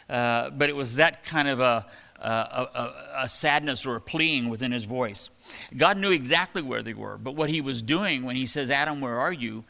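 A man preaching a sermon in a relaxed, conversational way, with plenty of fillers. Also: mid-range voice, gravelly. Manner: conversational, folksy, many fillers. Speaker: pastor. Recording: long hall reverb.

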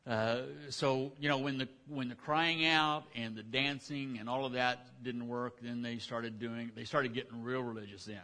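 A pastor preaching a sermon, retelling a scripture story in a folksy, conversational way with frequent restarts. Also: male voice, medium pitch, fairly even intonation, normal speed, hardly any pauses, bright, forceful tone.

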